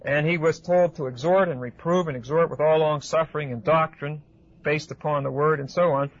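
A man's voice: a little high, steady tone, brisk. Man teaching a Bible class, lo-fi. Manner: hesitant with frequent uh fillers, asks class questions. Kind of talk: expository Bible lecture. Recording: dull lo-fi recording.

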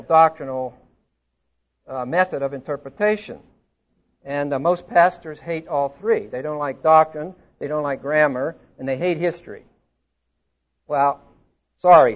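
Older male preacher, high-pitched, teacherly and emphatic, slightly muffled recording. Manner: teacherly, asks the congregation questions, stresses words emphatically. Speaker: pastor. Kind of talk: expository sermon. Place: church hall before a congregation.

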